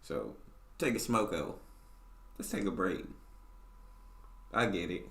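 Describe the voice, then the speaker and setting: A man's voice: low voice, very animated, takes it slowly, creaky, fairly bright tone, reverberant. An American man hosting a reaction video, chatting casually in a laid-back, slangy, joking way. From United States. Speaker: reaction channel host.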